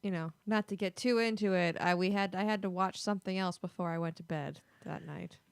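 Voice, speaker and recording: A woman's voice: lowish voice, fairly quick, gravelly, clear, resonant tone, no echo, studio quality. A woman co-hosting a live show, teasing and laughing as she reads viewer comments. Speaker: co-host. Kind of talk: casual chat reading viewer comments.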